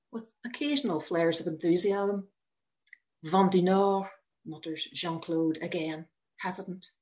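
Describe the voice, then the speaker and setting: A woman reading her own personal story aloud in a measured, wry manner. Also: medium pitch. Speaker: narrator.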